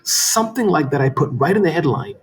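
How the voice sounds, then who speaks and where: A man speaking as a guest in a casual interview, animated and talking quickly, sometimes slurring words. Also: fairly high pitch. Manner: fast, animated, says he talks too fast. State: tearing up, emotional. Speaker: podcast guest, business founder.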